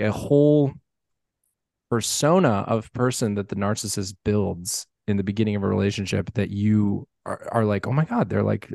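A man co-hosting a podcast in casual chat, chatty with lots of fillers and excitable bursts. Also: on the low side, creaky, no echo, studio quality. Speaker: podcast co-host.

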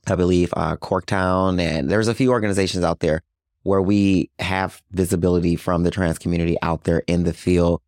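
A man's voice: low-pitched, steady tone, normal speed, a little mellow, no echo, studio quality. A man being interviewed as a community outreach worker, speaking earnestly in casual talk with many "you know" fillers. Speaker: guest, HIV outreach worker.

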